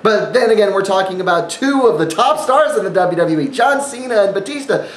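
A man's voice: sits high, animated, brisk, few pauses, reverberant, a little hiss or hum, low-quality recording. A man hosting a casual wrestling review monologue, sarcastic and rambling, with frequent fillers. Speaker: wrestling event reviewer, channel host.

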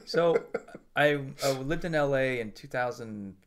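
A man co-hosting a casual podcast, animated and quick to laugh. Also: mid-range voice. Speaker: podcast co-host.

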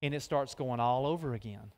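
A man preaching a sermon in a folksy, animated way, directing people onstage. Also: medium pitch, a little fast. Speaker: guest preacher. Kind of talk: sermon with live skit. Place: large church hall. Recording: long reverb of a big hall.

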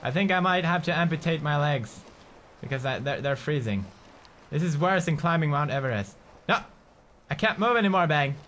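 A man commentating a game playthrough, excitable and swearing often as he talks to his companion. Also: a little high, moderate pace, slight background noise. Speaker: gaming video host. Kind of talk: let's play commentary. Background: game music.

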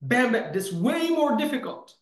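A man coaching to camera in a punchy, emphatic way, with lots of "bam" and "boom". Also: very animated, normal speed, roomy sound, low-quality recording. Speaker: real estate coach. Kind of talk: motivational teaching to camera.

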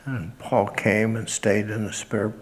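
An older man from Utah giving a halting family tribute at a memorial and reading scripture aloud. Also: lowish voice, flat delivery. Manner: halting, with frequent pauses and fillers. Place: church sanctuary. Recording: reverberant church hall.

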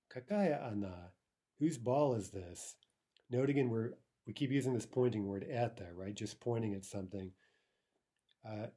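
A man leads a recorded language lesson at an unhurried pace, with a slightly husky voice. He explains patiently, drilling short phrases and checking understanding as he goes. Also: medium pitch, a little mellow. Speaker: language teacher.

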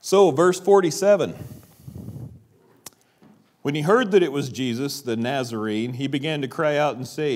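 A man preaching a church sermon, asking rhetorical questions and dropping his voice low for quiet emphasis. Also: moderate pace, long pauses. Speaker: pastor. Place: church sanctuary.

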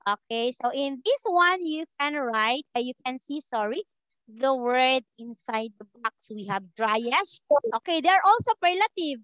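High, bright-voiced woman teaching slowly. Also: expressive, dry recording, rough recording. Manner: patient, slow, repeats words for a learner. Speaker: English teacher. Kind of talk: online one-to-one grammar lesson.

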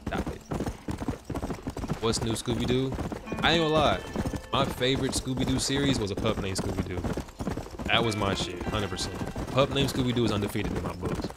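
Young guy streaming a game, kinda low voice, cussing and rambling to chat, loud horse hooves in the game audio. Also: a little fast, pauses often, heavy background noise. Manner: slangy, profane, rambling. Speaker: gaming livestreamer. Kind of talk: casual chat to a stream audience while playing. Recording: loud game sounds over the voice. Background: horse hooves and outdoor game ambience.

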